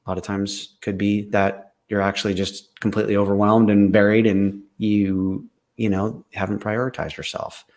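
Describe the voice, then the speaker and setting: A man's voice: lowish voice, flat delivery, normal speed, a little mellow. Male co-host, emphatic leadership coach, candid and driven. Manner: emphatic, fired-up, swears for emphasis. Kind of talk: candid casual conversation.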